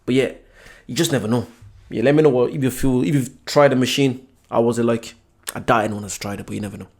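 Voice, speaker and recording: Fast-talking man chatting to viewers. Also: mid-range voice, steady tone, vocal fry, darkish tone. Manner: chatty, repeats himself, speaks to the audience. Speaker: reaction video host. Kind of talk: casual chat to viewers.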